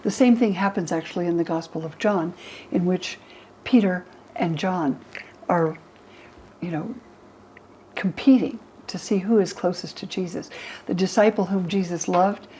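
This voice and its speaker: This is a rough recording with slight background noise. A lowish-voiced woman in her eighties from the U.S., a religion historian, talks at a moderate pace, telling stories animatedly and acting out quotes in a documentary interview.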